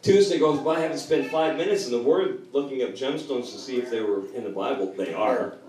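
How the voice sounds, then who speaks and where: A man giving an animated spoken testimony, chuckling and expressive as he tells his story to a gathering. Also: medium pitch, a little fast. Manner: chuckling, expressive, often laughing while telling. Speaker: guest speaker giving a testimony. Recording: echoey hall from far off, audience noise.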